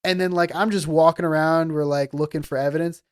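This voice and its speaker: A man's voice: on the high side, steady tone, a little fast, dry recording, clean studio sound. A man co-hosting a casual podcast chat, telling stories animatedly with lots of filler words. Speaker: podcast co-host.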